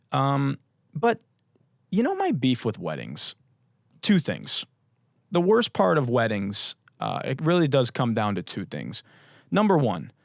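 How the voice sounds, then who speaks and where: A young man hosting a casual solo podcast, hoarse with his voice mostly gone, rambling and swearing in a jokey way. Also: mid-range voice, no echo, studio quality. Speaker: podcast host.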